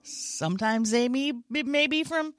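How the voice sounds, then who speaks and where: A woman improv comedian in casual, jokey comedy banter with an animated delivery. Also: high voice, a little slow, dry recording, clean studio sound. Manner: animated, jokey, slips into character voices.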